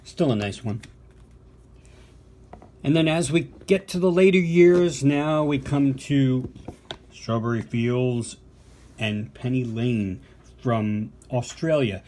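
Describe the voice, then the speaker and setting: A man's voice: mid-range voice, darkish tone. Chatty older man unboxing records. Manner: enthusiastic, chatty with fillers and asides. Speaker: podcast co-host and vinyl collector. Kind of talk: casual unboxing show-and-tell.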